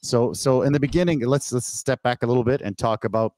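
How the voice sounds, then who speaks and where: A man from Canada hosting a casual interview, telling stories with animated energy and acted-out quotes. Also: mid-range voice, brisk, no room sound. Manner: animated storyteller who acts out quotes with laughs. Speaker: podcast host. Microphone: remote call setup.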